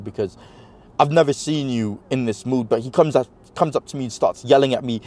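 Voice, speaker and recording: In a mid-range voice and at a fairly quick clip, a man with a New York accent relives a personal story as an interview guest. He's animated, plays out the dialogue, and uses a lot of fillers.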